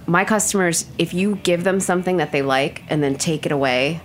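A woman's voice: lowish voice, fairly quick. A woman who runs a bar, chatting casually about the beers she pours, with plenty of fillers. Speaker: bar owner and beer buyer. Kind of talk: casual chat.

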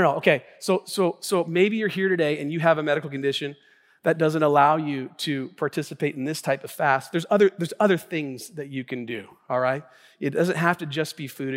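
High-voiced pastor preaching in a hall. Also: male voice. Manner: energetic, conversational preaching with frequent restarts. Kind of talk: sermon. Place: church sanctuary. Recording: long church hall reverb.

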